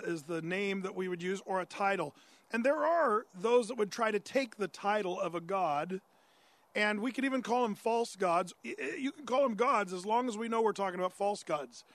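Speaking at a moderate pace, a male pastor with a high, fairly bright voice walks through Scripture in a chatty sermon style. He brings up questions the audience might have and answers them, frequently filling pauses with "uh" and restarting. The recording is dry.

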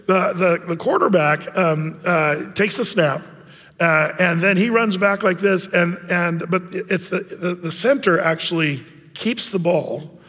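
Folksy middle-aged Bible teacher in a hall. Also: male voice, high-pitched, measured pace, a bit bright. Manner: folksy and rambling, many fillers and restarts, humorous asides. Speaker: men's Bible study teacher. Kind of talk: conversational Bible teaching with personal stories.

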